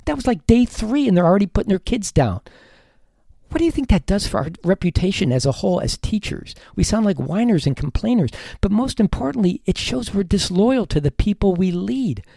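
A man's voice: sits high, sing-song, fairly quick, creaky, dark tone, no room sound, clean studio sound. A man, a teacher hosting an advice podcast, talking earnestly and emphatically, at times heated.

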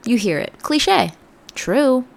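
A woman hosting a podcast, giving an earnest, reflective motivational talk that sometimes drops to soft near-whispers. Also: on the high side, big pitch swings, takes it slowly, creaky. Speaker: podcast host. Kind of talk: motivational self-help talk.

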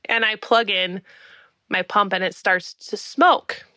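A woman's voice: medium pitch, slow, pushed and bright, dry recording. A woman in her thirties from the United States, hosting a podcast and telling a personal story in a chatty, laughing, self-deprecating way. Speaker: podcast host. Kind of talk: casual storytelling monologue.

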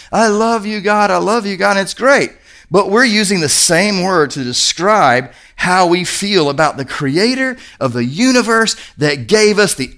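Lively Kentucky pastor preaching. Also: male voice, on the high side. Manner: lively, conversational preaching with audience questions. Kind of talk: sermon. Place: church.

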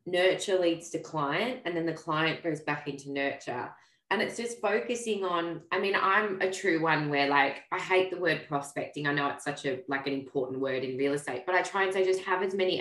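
A woman's voice: lowish voice, fairly bright tone, roomy sound, rough recording. A woman hosting a podcast, speaking in a reflective, conversational way. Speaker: podcast host. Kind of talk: casual podcast talk.

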